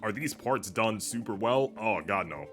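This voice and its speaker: Young male streamer, low-pitched and rambling, loose filler-heavy commentary, game music playing underneath. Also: lively intonation, normal speed, a bit bright. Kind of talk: casual gameplay commentary.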